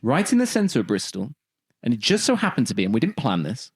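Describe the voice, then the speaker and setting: A man's voice: medium pitch, wildly swooping pitch, quick pace, breathy edge. A man co-hosting a podcast, rambling through a comic story and laughing often. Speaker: podcast co-host. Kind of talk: casual comedic chat.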